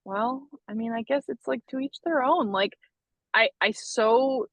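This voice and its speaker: A woman's voice: a little high, a little slow, dry recording. A young adult woman co-hosting a podcast, telling stories animatedly with frequent laughs and self-deprecating asides. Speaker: podcast co-host. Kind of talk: casual chat.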